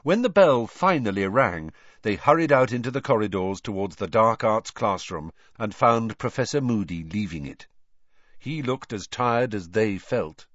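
Man reading a storybook aloud, low voice, lots of lilt, kinda muffled dead audio. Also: normal speed, dry recording. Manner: expressive storytelling. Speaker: audiobook reader. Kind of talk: scripted narration.

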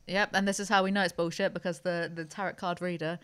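A woman's voice: fairly low pitch, little pitch movement, fast talker, fairly bright tone, clear, resonant tone. A woman hosting a podcast in brash, joking chat, swearing freely as she banters. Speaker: podcast host.

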